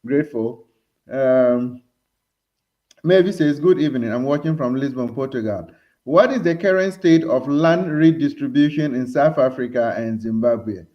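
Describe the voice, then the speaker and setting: A man hosts a live-streamed talk show in a calm, measured manner, pausing often on fillers. His voice sits in an ordinary middle register, and the stream audio sounds dull and lo-fi. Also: mid-range voice. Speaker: show host.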